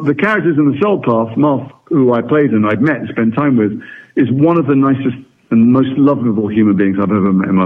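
A middle-aged English actor from England, talking reflectively and wryly as a radio interview guest. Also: male voice, mid-range voice, breathy edge. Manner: reflective, articulate, wry. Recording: phone-like radio line.

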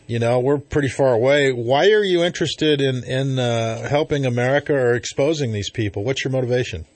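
A man hosting a casual talk radio show from a studio, chatty and quick to laugh, with lots of fillers. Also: mid-range voice, darkish tone, no room sound. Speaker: radio host. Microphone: studio mic.

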